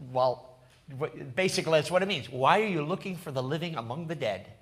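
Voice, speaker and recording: A man preaching as a pastor. He tells the story dramatically, falls to a low hush and then rises to loud bursts, laughs often and speaks directly to the congregation. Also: expressive, normal speed. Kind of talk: sermon.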